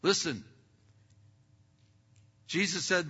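A man's voice: fairly low pitch, animated, slow, bright, forceful tone, breathy edge, big-room sound, lo-fi sound. A man preaching a sermon as pastor, often asking the congregation questions and using many "uh" fillers.

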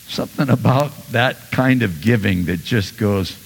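A male pastor preaching a sermon, animated, swinging between loud bursts and soft asides. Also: fairly low pitch, brisk, creaky, few pauses, husky, big-room sound.

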